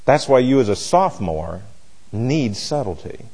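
A man's voice: medium pitch, sing-song, a little slow, a little mellow, slightly rough, low-quality recording. A man teaching a Bible class, blunt and emphatic, often restarting his sentences.

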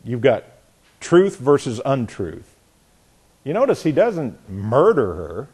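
A man's voice: medium pitch, sing-song, slow, a little mellow, slightly rough. A man preaching a sermon in a conversational way, often restarting his words and chuckling, and building in intensity as he goes.

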